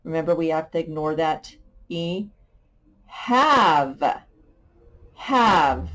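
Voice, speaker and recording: Slow, patient woman teaching sight words. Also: fairly low pitch, animated. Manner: slow, patient, playful with sound effects. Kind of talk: sight word lesson for young children.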